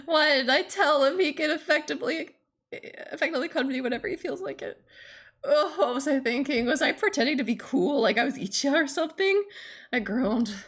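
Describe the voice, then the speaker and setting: Animated, high-voiced playful streamer woman. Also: brisk. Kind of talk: game playthrough reading narration aloud.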